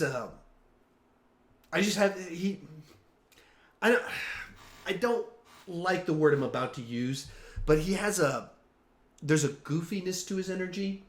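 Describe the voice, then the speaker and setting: A fairly high-voiced man hosts a casual live-stream, his pitch leaping around as he restarts thoughts and piles on fillers. The sound is roomy and echoey. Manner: animated, trailing restarts and fillers. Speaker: host.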